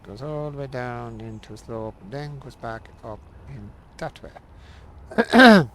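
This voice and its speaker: A man's voice: medium pitch, expressive, takes it slowly, a bit bright, a little hiss or hum. A man streaming a building game, casually muttering to himself and mocking his own frustration. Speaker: gaming streamer. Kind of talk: casual live-stream commentary while building.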